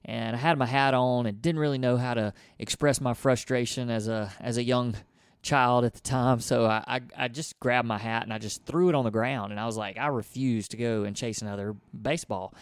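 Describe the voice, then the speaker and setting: A man spins a story in relaxed podcast conversation. His voice is smooth and full, at an everyday middle pitch. The recording is dry and close, and he acts out his own thoughts as he talks. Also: no room sound. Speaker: podcast co-host.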